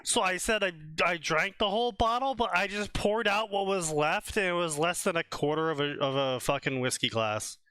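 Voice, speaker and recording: A man's voice: high-pitched, moderate pace, few pauses, pushed and bright, clean tone. A young man from New Jersey with a Jersey accent, telling stories in casual stream banter, swearing freely and laughing often. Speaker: co-host.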